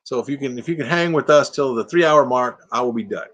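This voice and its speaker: A man's voice: medium pitch, fast talker, a bit bright, lo-fi sound. A retired man in his sixties hosting a casual late-night live stream from inside an RV, sleepy and playful, rambling and slipping into silly put-on voices.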